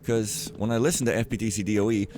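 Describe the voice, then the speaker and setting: Speaking fast in a low, steady voice, a let's player gives casual commentary on his game. He rambles, rants, and interrupts himself, with background noise behind him.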